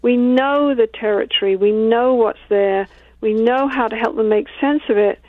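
A woman talks calmly about her work as a couples therapist, walking through examples from sessions. Her voice comes through a narrow, tinny line with a dry sound. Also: fairly high pitch, normal speed, dry recording. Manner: calm, explains with acted-out examples. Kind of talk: interview conversation.

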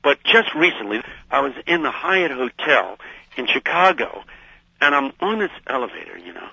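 A man speaking as a guest on a radio show by phone, telling stories and preaching with lively emphasis. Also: mid-range voice, gravelly, slightly rough, no echo. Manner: lively, emphatic, laughs at his own jokes. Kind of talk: animated storytelling and preaching. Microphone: phone line. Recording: muffled phone-line audio.

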